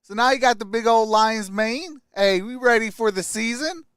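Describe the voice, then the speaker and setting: A man's voice: very high-pitched, normal speed, a bit bright, smooth, dry recording, clean studio sound. A man hosting a casual live stream, upbeat, greeting viewers by name and reading their comments aloud. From Michigan.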